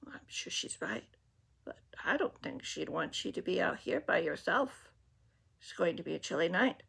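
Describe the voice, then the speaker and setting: A woman voicing a soft-spoken, gentle man in black who coaxes a lost boy, reading a storybook aloud. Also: lowish voice, normal speed, vocal fry, slightly rough, exaggerated voice. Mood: coaxing. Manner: calm, coaxing, quietly spoken.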